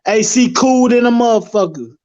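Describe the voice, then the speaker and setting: A man chatting casually as a guest on a live stream, loose and profane, with animated street talk. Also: extremely high pitch, moderate pace. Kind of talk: casual chat. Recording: dull lo-fi stream audio.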